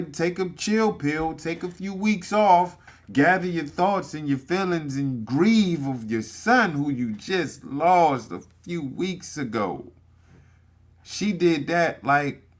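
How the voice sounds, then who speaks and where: A man giving casual reaction commentary, talking emphatically and profanely straight to his viewers. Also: on the high side. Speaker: commentary streamer.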